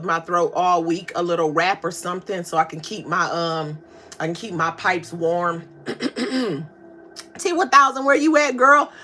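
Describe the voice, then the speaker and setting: Chatty woman live-streaming to her chat. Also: a little high. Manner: chatty, animated, reads chat aloud, slangy. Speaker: livestream host. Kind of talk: casual live-stream chat reading comments.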